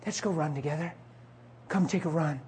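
A man voicing a soft, hushed divine spirit. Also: on the high side, normal speed, a little hiss or hum, voice pushed down, natural voice. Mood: gentle. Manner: very quiet, calm, intimate. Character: gentle divine spirit speaking softly.

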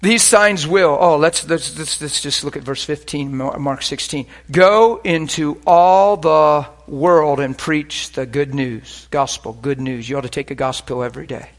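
A man preaching a sermon, animated and full of stories, moving between loud exclamations and quiet, hushed asides. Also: fairly high pitch, unhurried, few pauses.

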